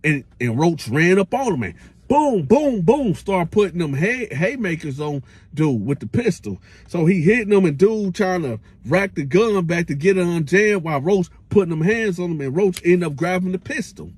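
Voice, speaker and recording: A man's voice: high-pitched, sing-song, normal speed, a little mellow, husky, no echo. A man telling a casual storytime tale in slangy speech, acting out the quotes and making sound effects with his voice.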